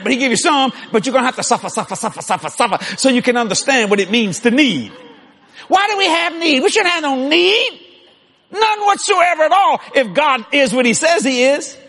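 A man preaching a sermon, shouting and boasting with animated laughs. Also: very high-pitched.

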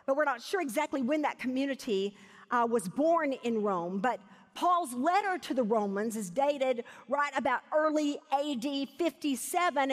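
Emphatic high-voiced woman preaching in a hall. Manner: emphatic, slows down to stress key words. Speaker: Bible teacher. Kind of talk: sermon. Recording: long hall reverb.

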